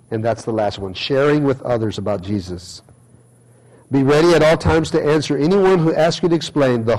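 A man's voice: mid-range voice, darkish tone, poor audio. A middle-aged male pastor giving a conversational sermon, acting out everyday quotes as he preaches.

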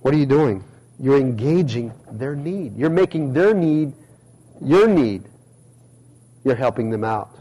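A man's voice: mid-range voice, lively intonation, unhurried, long pauses, mellow, husky, rough recording. A middle-aged male pastor giving a conversational sermon, acting out everyday quotes as he preaches.

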